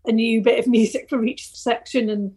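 A woman's voice: a little high, steady tone, normal speed, a little mellow, husky. A woman musician chatting casually, saying "like" a lot. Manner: chatty, uses "like" often. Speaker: musician guest. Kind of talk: casual chat.

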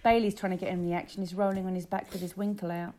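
A woman co-hosting a podcast, chatting excitedly and laughing often. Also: lowish voice, fast. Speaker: podcast co-host. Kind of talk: casual chat. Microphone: earphones in.

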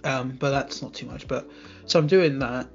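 A young man co-hosting a casual chat podcast, talking about work in a relaxed, hesitant way with many ums. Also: mid-range voice, normal speed, gravelly, highs cut off, soft background music. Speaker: podcast co-host.

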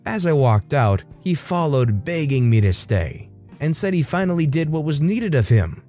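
A man's voice: a little high, sing-song, moderate pace, warm tone. Man narrating a story over faint music. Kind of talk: reading a Reddit story aloud.

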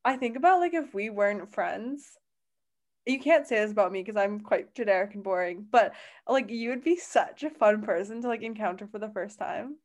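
A woman's voice: medium pitch, moderate pace. A young woman co-hosting a podcast, rambling in casual chat with many fillers and apologies. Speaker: podcast co-host.

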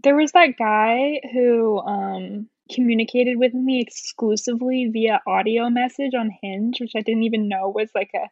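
A woman's voice: on the high side, fairly even intonation, normal speed, hardly any pauses, darkish tone, no echo. A young adult woman, a podcast guest in casual chat, who talks loosely and says "like" a lot. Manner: chatty, leans on "like". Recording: dull, dry, lo-fi sound.

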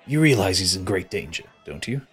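A man's voice: low-pitched, very animated, brisk, breathy edge, soft background music, exaggerated voice. A man voicing a smug showman impostor. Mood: menacing. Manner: theatrical, fawning stage patter. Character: smug male bard impostor, showy then menacing.

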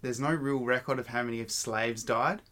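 A man's voice: mid-range voice, fairly even intonation, moderate pace, sharp tone. A young man co-hosting a podcast, laid-back and joking, often hesitating with ums. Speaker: podcast co-host. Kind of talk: casual banter.

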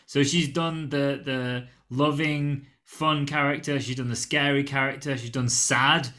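A man with a bright, sharp-edged voice bantering as a co-host. He is sardonic and swears casually while he riffs on the show. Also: medium pitch, steady tone, measured pace. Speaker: podcast co-host. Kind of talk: casual chat.

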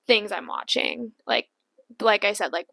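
A woman's voice: mid-range voice, a little slow, sharp tone, no echo. A young woman co-hosting a podcast from her bedroom, rambling casually and saying "like" constantly. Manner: rambling, heavy use of "like". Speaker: podcast co-host. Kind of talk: casual chat.

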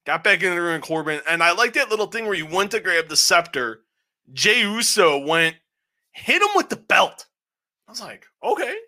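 Podcast co-host, male, bright voice, slightly high, loose rambling review with cursing. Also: normal speed. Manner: rambling, animated recaps with frequent swearing. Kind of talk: casual show review chat.

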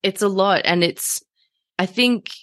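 A woman hosting a podcast interview, responding gently and searching for words with many restarts. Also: medium pitch, measured pace, no echo, clean studio sound. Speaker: podcast host. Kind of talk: interview conversation.

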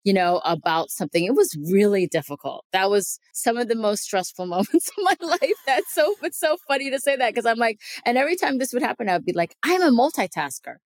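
A woman's voice: on the high side, lively intonation, a little fast, hardly any pauses, dry recording, clean studio sound. A woman dermatologist chatting as a guest on a podcast over a remote call, talking easily and laughing often. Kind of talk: casual podcast chat.

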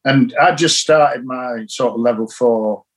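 An older man from England, a cricket coach telling a lively story in an interview, acting out the lines he quotes. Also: mid-range voice, a little slow, breathy edge. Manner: anecdotal, animated, acts out quoted lines.

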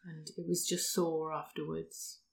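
Woman on a podcast, lowish gravelly voice, talks you thru stuff step by step. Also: little pitch movement, measured pace. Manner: chatty, explains step by step. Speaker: podcast co-host. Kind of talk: casual chat.

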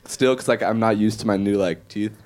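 Easygoing male guest, deeper voice, faint lisp, unhurried. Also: steady tone, a little mellow. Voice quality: slight lisp when talking fast. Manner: laid-back, halting, filler-heavy. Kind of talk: casual chat.

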